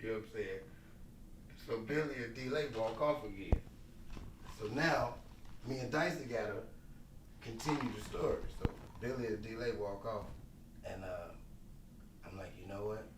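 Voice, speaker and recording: A man's voice: fairly low pitch, moderate pace, long pauses, distant mic. A man, a podcast co-host, telling a story in a profane, laughing, emphatic way. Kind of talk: casual storytelling. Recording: roomy, off-mic with noise.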